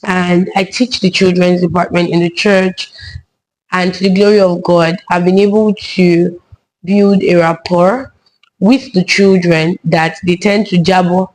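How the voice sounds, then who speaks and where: Woman, young adult, casual vlog talk, unhurried, fairly low voice. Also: steady tone, a little mellow, slight background noise, low-quality recording. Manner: chatty, frequent tag questions. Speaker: vlogger and children's church teacher.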